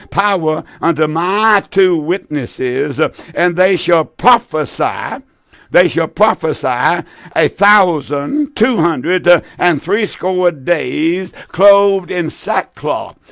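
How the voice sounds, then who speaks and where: A man's voice: on the high side, no echo, studio quality. An eighty-year-old man preaching on television in a fervent, folksy way, repeating key lines and drawing words out for emphasis. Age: 80s. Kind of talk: sermon with call-in appeal.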